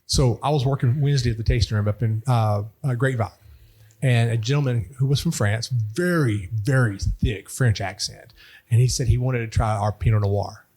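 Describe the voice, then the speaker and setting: A young man with a Texan accent hosts a conversational podcast interview. His voice is husky and mid-pitched, and he talks in a friendly, rambling way, repeating words as he goes. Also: normal speed, a little mellow. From Texas. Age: young adult. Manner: chatty, laughs often, repeats words. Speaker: podcast host.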